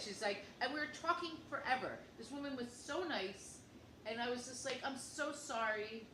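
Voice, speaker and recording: Fifties woman co-host with a bright, rambling, chatty delivery, recorded in a roomy space with faint background noise. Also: a little high, lively intonation, moderate pace. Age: 50s. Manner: rambling storyteller who acts out both sides of conversations. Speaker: podcast co-host. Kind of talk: casual chat. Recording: echoey room with faint noise.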